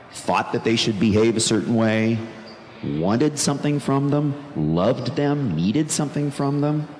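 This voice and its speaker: A man with a lowish, darkish voice recounts his conversion as a personal testimony, speaking earnestly and reflectively and circling back to key phrases. The recording has long large-room reverb and faint background noise.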